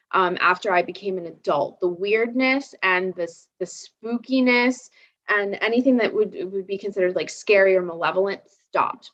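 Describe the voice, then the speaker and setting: A woman in her thirties chats in a live conversation, jumping animatedly through her story with frequent restarts, "um"s and self-corrections. Her voice sits in a middle pitch. The sound is a little dull and lo-fi. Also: fairly bright tone. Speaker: psychic guest. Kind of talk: casual live chat.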